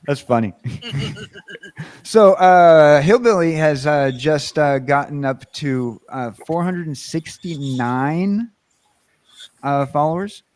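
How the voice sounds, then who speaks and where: A man's voice: on the high side, slow pace, long pauses, darkish tone, dry recording. A man hosting a casual livestream chat, rambling with lots of fillers and restarts. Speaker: host.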